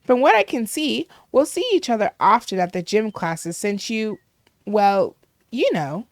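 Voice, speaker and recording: A prickly, standoffish villager from a farming game, curt and a little snide, voiced by a woman reading the lines. The delivery is slow with lively pitch, recorded close and dry. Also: dry recording.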